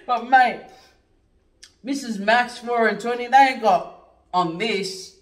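A man chatting casually on a mukbang, laid-back and savoring the food with drawn-out murmurs. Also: very high-pitched, lively intonation. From born in New Zealand, raised in Australia. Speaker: mukbang co-host. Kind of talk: casual chat while eating. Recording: roomy echo, mic far off.

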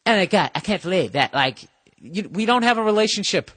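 Profane ranting man, pitched a touch high. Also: lively intonation, brisk. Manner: profane, ranting, swings between shouting and muttering. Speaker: podcast host. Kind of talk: casual comedic podcast rant.

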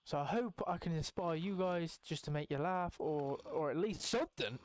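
Excitable young man, fairly high voice. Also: moderate pace. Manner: excitable, rambling, swears casually. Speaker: gaming YouTuber. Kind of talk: casual let's-play commentary.

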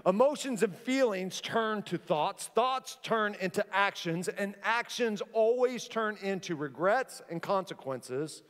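Animated high-voiced preacher in an echoey church. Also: male voice, measured pace, few pauses. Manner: animated storyteller, acting out scenes. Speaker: pastor. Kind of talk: sermon with personal storytelling. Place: church stage. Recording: long church hall reverb.

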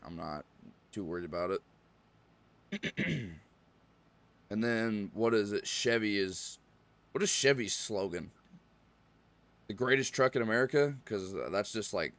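A man streaming a farming game, chatting casually and rambling, often clearing his throat. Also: deep voice, unhurried, long pauses, fairly bright tone. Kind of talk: casual live-stream chat.

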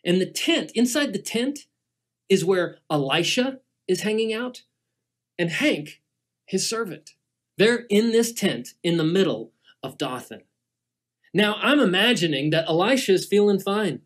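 Middle-aged man, children's Bible storytelling, lively swooping pitch, dramatic with hushed moments. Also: measured pace. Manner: animated, dramatic storyteller, shifts to hushed tones. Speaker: guest children's teacher.

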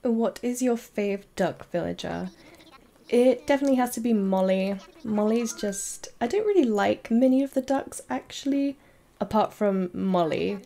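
A woman streaming a game live, chatting casually and giggling, with bursts of excited squeals. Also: mid-range voice, moderate pace, gravelly. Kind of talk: casual live-stream chat while playing.

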